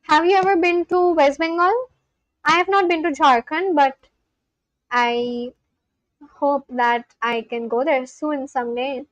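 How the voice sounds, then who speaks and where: A high-pitched woman chats casually with her live-stream audience. She reads their messages aloud and answers each one. The sound is close and dry, with no room around it. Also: fairly even intonation, a little slow, no echo, muffled recording. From Kolkata, India. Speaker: livestreamer.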